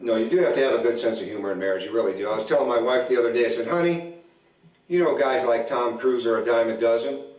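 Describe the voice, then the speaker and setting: Man doing stand-up in an echoey hall. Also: mid-range voice. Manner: deadpan storytelling, acts out both sides of arguments. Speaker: comedian. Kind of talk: stand-up comedy at a church event. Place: church hall. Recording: echoey hall, mic from a distance.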